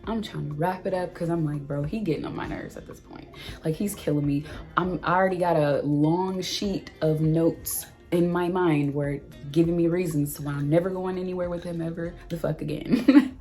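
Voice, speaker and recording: A young woman recounts a bad date to her camera, voicing both sides of the conversation with growing exasperation. Her voice sits a little low for a woman. Faint music plays quietly underneath. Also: normal speed. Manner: animated, exasperated storytelling with quoted dialogue. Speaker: vlogger. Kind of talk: storytime vlog.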